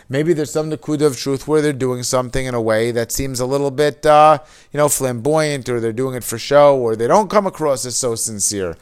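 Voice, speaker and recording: A man's voice: medium pitch, brisk, a little mellow, smooth. A man teaching a Hebrew mussar text, reading passages aloud and explaining them in casual full of "you know". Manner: reads Hebrew text aloud, then explains it in casual English with many fillers. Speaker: Torah teacher.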